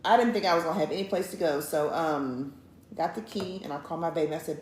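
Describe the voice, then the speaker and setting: Her voice sits low and moves fast as she, one of the hosts of a couples show, spins a story for viewers, breezy and lively, voicing each bit of dialogue herself. The room sounds spacious, with a little background noise.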